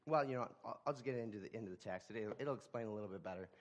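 A man giving a sermon, talking in a halting way with frequent repeated words and restarts. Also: on the low side. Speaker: preacher.

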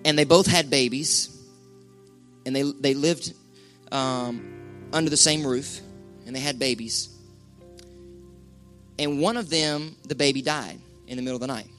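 A man's voice: mid-range voice, unhurried, pauses often, fairly bright tone. Folksy preaching man, faint music under. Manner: folksy, conversational preaching with colloquial asides. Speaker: pastor. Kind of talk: sermon.

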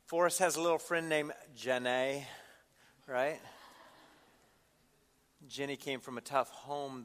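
Pastor, male, slightly high voice, conversational sermon delivery, long hall reverb. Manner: storytelling, conversational.

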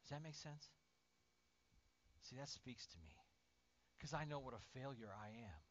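A male pastor preaching a lively sermon, swinging from loud, acted-out outbursts to near-whispers. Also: medium pitch, a little slow. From Indiana, USA. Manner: animated, acts out voices and swings from shouting to near-whisper. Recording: dull lo-fi sermon audio.

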